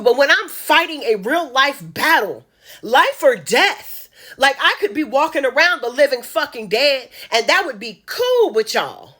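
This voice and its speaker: Woman from Chicago, slightly high, sharp-edged voice, impassioned direct-address commentary with repeated emphatic phrases. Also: very animated, a little slow. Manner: emphatic, repetitive, speaks straight to the audience. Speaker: social media commentator. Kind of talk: impassioned monologue to camera.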